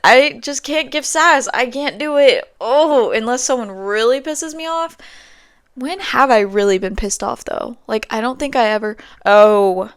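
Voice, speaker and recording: A woman's voice: on the high side, a little slow, clear, resonant tone, no echo, clean studio sound. A young woman hosting a podcast, telling stories in a rambling, casual way with lots of fillers. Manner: chatty, rambling storytelling with many fillers. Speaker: podcast host. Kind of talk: casual chat.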